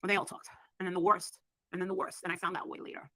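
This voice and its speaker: A woman telling a story in an excitable, profane way, acting out what others said. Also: on the low side, fast, dry recording, rough recording. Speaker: storyteller recounting past events. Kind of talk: animated casual storytelling.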